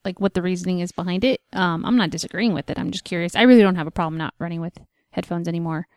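A young woman co-hosting a podcast, chatting casually and filling pauses with "like" and "um". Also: fairly low pitch, a little mellow, no room sound, clean studio sound. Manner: chatty, lots of "like" and "um". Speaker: podcast co-host. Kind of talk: casual chat.

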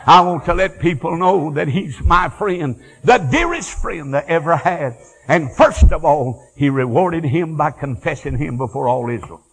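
Husky older preacher, fervent. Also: male voice, on the high side, expressive, moderate pace, few pauses, poor audio. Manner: fervent, swings from quiet storytelling to shouted praise. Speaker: evangelist. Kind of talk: fiery revival sermon.

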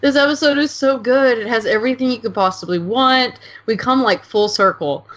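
Gushing excitable woman, lo-fi sound. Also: a little high, a little fast. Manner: gushing, excitable, acts out scenes, lots of "like". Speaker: podcast guest. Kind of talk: casual podcast chat.

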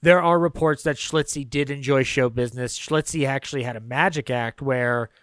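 A man's voice: medium pitch, moderate pace, smooth, no room sound. Chatty man on a dry mic. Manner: chatty, digressive, swears freely. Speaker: podcast co-host. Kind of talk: casual film discussion.

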